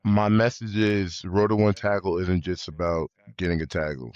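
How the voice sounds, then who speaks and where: Low-voiced young American man. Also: fairly even intonation, moderate pace, darkish tone, no room sound, highs cut off. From United States. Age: young adult. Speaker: guest, college football player. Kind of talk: remote interview.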